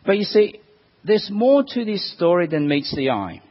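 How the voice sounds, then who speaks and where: A man preaching a sermon, animated, asking rhetorical questions. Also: sits high, moderate pace. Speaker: pastor. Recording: dull reverberant hall.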